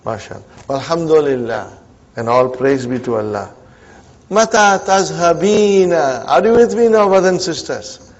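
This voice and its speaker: A man's voice: fairly high pitch, normal speed, highs cut off. A man teaching an Arabic grammar class, drilling students with repeated questions and frequent "huh?" prompts, mixing Arabic terms into his English. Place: community centre classroom.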